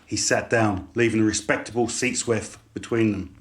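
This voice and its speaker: Man, story narration, calm, measured. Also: lowish voice, roomy sound. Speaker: author narrating.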